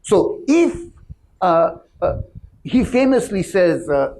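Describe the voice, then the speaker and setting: A panelist speaking slowly and deliberately, weighing each phrase. The voice moves expressively up and down in pitch as the thoughts unfold. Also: very animated, darkish tone, rough recording. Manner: slow, measured and thoughtful. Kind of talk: panel discussion.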